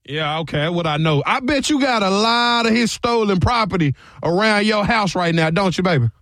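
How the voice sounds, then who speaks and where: A man's voice: high voice, lively intonation, moderate pace, a bit bright, no echo, studio quality. A man posing as a police officer on a prank call, drawling and teasing in a mock-serious way.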